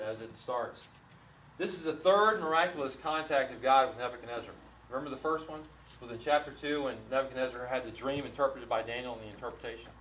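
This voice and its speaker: A man's voice: mid-range voice, a bit bright, echoey room, far from the mic. Guy doing an earnest bible study talk, stumbles and repeats a lot, kinda dull lo-fi sound w faint hiss. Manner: earnest, with frequent restarts and repeated words. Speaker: Bible teacher. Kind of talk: verse-by-verse Bible teaching.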